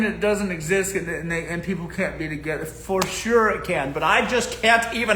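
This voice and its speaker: A man's voice: high voice, moderate pace, few pauses, sharp tone, echoey room, a little hiss or hum. A man hosting a live stream, giving blunt, joking dating advice straight to his listeners in casual talk.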